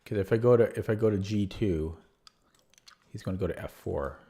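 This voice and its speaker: A Canadian chess streamer thinks aloud as he plays, repeating words and restarting sentences while he calculates. Between moves he chats with viewers responding in the stream. His voice is lowish and mellow, at a moderate pace.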